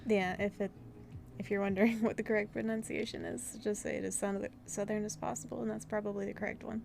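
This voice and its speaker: A woman co-hosting a gaming livestream, chatting in an easygoing way and quick to laugh. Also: mid-range voice, level tone, gravelly, a little mellow, slight background noise. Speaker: livestream co-host. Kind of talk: casual gaming stream chat.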